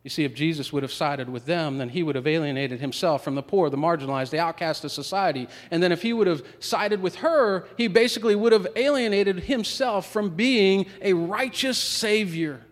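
A man preaching a sermon as a pastor, building with swells of emphasis and dramatic pauses. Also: a little high. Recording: long reverb of a large hall.

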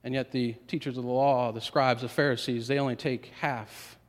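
A man preaching a sermon as a pastor, building with swells of emphasis and dramatic pauses. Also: mid-range voice, steady tone. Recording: long reverb of a large hall.

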